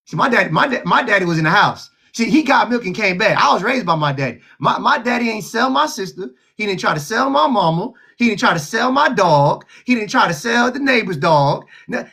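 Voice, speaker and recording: Raspy, high-voiced man hosting loudly. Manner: loud, mocking and laughing, slangy trash talk. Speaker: host of a live call-in show. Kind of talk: heated live call-in talk.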